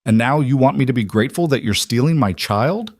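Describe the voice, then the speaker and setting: A man's voice: medium pitch, animated, brisk, no echo, studio quality, voice pushed up. A man voicing a defiant frontier mother who fiercely protects her child.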